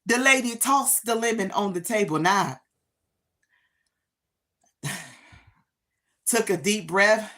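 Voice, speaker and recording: A woman hosting a live stream, telling a casual story straight to her viewers with emphatic, drawn-out phrases. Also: medium pitch, lively intonation, fairly bright tone.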